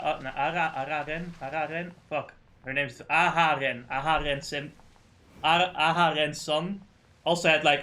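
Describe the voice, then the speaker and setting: A man's voice: on the high side, bright, forceful tone. A man chatting casually during a game livestream, rambling, swearing often and stumbling over names. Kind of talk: casual gaming stream chat.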